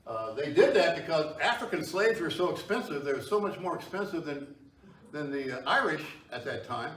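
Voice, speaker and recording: A man's voice: fairly high pitch, very animated, moderate pace, fairly bright tone. A man giving a conversational public history talk to an audience, often asking them questions. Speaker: history lecturer. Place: meeting hall with audience. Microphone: far tripod camera. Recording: echoey hall from far off.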